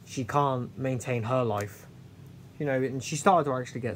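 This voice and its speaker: A man's voice: medium pitch, a little hiss or hum. A man vlogging a candid personal story, earnest and confessional, often restarting and trailing off. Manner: halting, with many restarts and trailing pauses.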